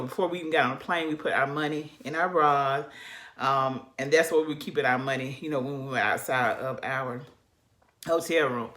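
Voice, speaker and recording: This female vlogger, from the American South, has a deep and somewhat bright voice. She chats animatedly with her viewers, casually telling them a personal story.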